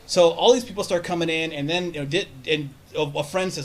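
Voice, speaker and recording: A man's voice: fairly high pitch, brisk, few pauses. A man on a casual podcast telling a long, rambling, profane story with many restarts. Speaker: podcast host.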